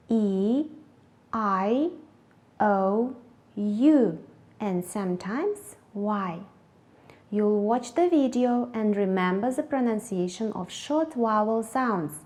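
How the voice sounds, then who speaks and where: A woman teaching English to children in a TV lesson, pronouncing each word slowly and clearly. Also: medium pitch, a little mellow. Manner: slow, clear, deliberate pronunciation drills. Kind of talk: classroom instruction. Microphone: TV lesson voice-over.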